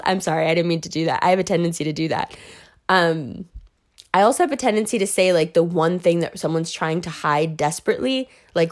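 A woman getting over the flu, talking to her viewers about astrology in a blunt, profane, animated ramble. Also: mid-range voice. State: recovering from flu, voice a bit off. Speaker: astrology content creator. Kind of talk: casual rambling monologue to viewers.

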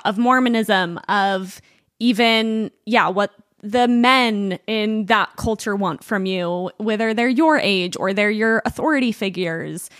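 A woman hosting a podcast, reacting with enthusiasm and quick, casual remarks. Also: mid-range voice, fairly bright tone, no echo, studio quality. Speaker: podcast host. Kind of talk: casual interview chat.

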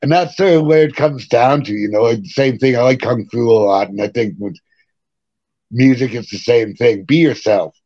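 Animated middle-aged punk singer, dull dry recording. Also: male voice, medium pitch, normal speed, no room sound. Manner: animated, swears, laughs between stories. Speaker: punk rock singer, podcast guest. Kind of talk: casual interview storytelling.

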